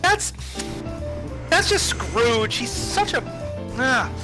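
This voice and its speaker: A man voicing an excitable older village woman who gushes and squeals with delight. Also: very slow, over music, exaggerated voice, low-quality recording. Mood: gossipy. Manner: shrill, gushing, breathless with delight.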